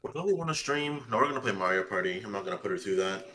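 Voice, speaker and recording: A man's voice: lowish voice, expressive, very fast, sharp tone. A man joining a casual stream chat, teasing and swearing through friendly banter.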